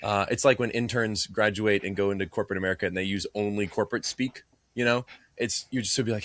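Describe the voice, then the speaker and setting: A man co-hosting a podcast in casual chat, telling animated, joking stories. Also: lowish voice, fast talker, no echo. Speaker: podcast co-host. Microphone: earbud in one ear.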